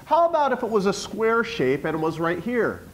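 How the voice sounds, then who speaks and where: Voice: medium pitch, very animated, moderate pace, a little hiss or hum, rough recording. A teacher giving a classroom lesson, coaxing the students with question after question.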